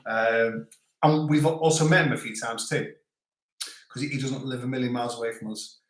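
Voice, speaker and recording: A man's voice: medium pitch, fairly even intonation, moderate pace. A man hosting a casual live chat, reading out viewer comments in a joking, rambling way. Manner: chatty, rambling, joking, many restarts. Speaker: livestream host. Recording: echoey room.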